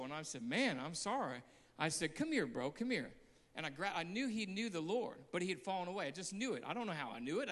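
Guy pastor preaching hard, sharp bright voice, long church echo. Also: sits high. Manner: passionate, bursts into shouts, storytelling with repeated phrases. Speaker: guest pastor. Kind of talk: preaching a sermon.

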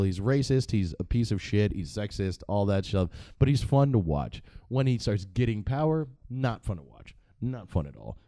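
A man's voice: mid-range voice, dark tone, no echo. A man hosting a vlog, giving casual, joking commentary that rambles along with plenty of swearing. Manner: profane, joking and rambling with frequent laughs. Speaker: vlog host.

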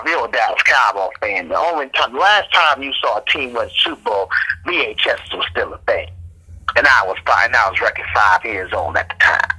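Husky, bright-voiced man ranting about sports. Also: medium pitch, low-quality recording. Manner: trash-talking, fired up, loose and rambling. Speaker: podcast co-host. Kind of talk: casual sports podcast rant.

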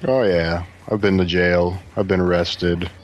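A man casually telling a story to friends, animated and profane, acting out what others said. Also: deep voice, a little slow, lo-fi sound. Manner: animated, profane, acts out quotes. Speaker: podcast guest telling a story.

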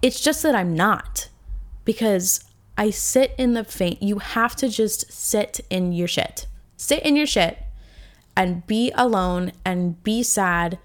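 A woman in her twenties hosting a solo podcast, talking in a candid, rambling, emotional way, full of fillers and restarts. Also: medium pitch. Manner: emotional and reflective. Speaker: podcast host. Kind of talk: casual solo podcast monologue.

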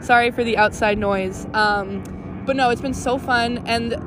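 A young woman hosts a podcast in a bubbly, chatty way, laughing easily between lines. Her voice sits fairly high. Faint city noise hums behind her outdoors. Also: measured pace. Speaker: podcast host. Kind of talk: casual podcast chat.

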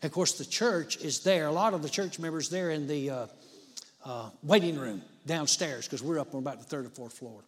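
A preacher with a high, ringing voice tells his story in a folksy, chatty way. He swells into dramatic rises and keeps dropping in "you know". His voice carries a long echo, as if it fills a big hall. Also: moderate pace. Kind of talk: storytelling sermon.

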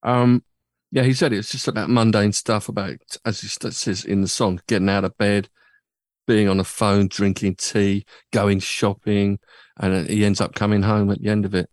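A man's voice: fairly low pitch, flat delivery, moderate pace, no room sound. Chatty man in a dry studio. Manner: chatty, rambling anecdotes with many fillers. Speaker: radio show host. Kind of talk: casual chat.

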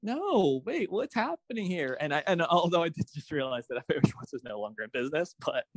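Man, podcast co-host, playful, laughs a lot, mimics characters, fairly high voice. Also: big pitch swings, fast, no room sound. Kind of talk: casual TV recap chat.

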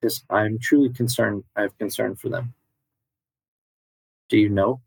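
A man playing a tabletop game, his voice a little low and husky and recorded close and dry. He talks casually, often restarting his sentences. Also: fairly even intonation, measured pace, no room sound, low-quality recording. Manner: hesitant, stop-start phrasing. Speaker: player.

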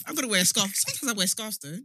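A woman's voice: mid-range voice, animated, rapid-fire, bright, forceful tone, a little hiss or hum. A woman co-hosting a podcast in casual chat, teasing and laughing often. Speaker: podcast co-host.

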